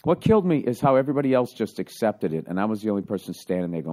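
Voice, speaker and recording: A man and stand-up comedian telling a story in casual chat, profane and animated. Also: lowish voice, very fast. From United States.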